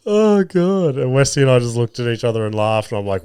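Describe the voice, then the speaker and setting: A man's voice: mid-range voice, very animated, a little slow, pauses often, a little mellow, clean tone, no room sound, clean studio sound. A man in his thirties with an Australian accent hosting a podcast, telling crude, swearing stories about his kids and laughing at them. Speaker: podcast host. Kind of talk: casual storytelling.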